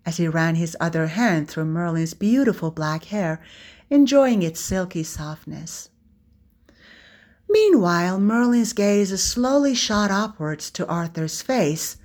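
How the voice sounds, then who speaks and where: A woman reading fan fiction aloud in a steady storytelling manner. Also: on the low side, slow pace. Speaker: reader.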